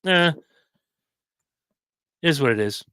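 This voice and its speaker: A man's voice: fairly high pitch, expressive, takes it slowly, bright, forceful tone, clear, resonant tone, no room sound. A worn-out man co-hosting a podcast, bantering in a wry, laid-back way. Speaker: podcast co-host. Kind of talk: casual chat.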